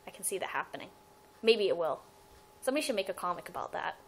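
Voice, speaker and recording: A woman's voice: on the low side, lively intonation, fast, a little hiss or hum, rough recording. Chatty young woman rambling on a webcam. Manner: rambling, giggly, self-interrupting. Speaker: fan vlogger. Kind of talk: casual fan vlog Q&A.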